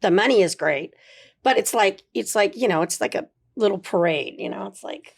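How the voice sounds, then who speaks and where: Brief: middle-aged actress guest, animated anecdotal storyteller, casual filler-heavy speech. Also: female voice, medium pitch, brisk, vocal fry, hardly any pauses. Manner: animated storyteller, lots of "you know" and "like". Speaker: voice actor guest. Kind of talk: casual interview chat.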